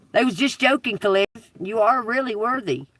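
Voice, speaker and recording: Slow-talking woman on a live tarot stream, cussing and laughing, kinda far from the mic. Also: a little high, a bit bright. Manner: blunt, profane, laughs often; preachy, addresses the collective. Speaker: tarot reader. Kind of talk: casual livestream talk.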